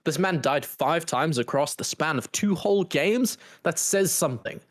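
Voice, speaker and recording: A man's voice: on the high side, lively intonation, moderate pace. A man hosting a pre-match esports desk, upbeat and bantering with his co-host.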